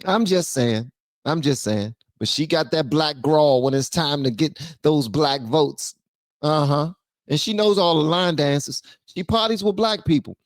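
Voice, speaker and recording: A man from Washington, D.C. hosting a casual political commentary channel, animated, slangy and joking. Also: fairly high pitch, a little slow, no echo, studio quality.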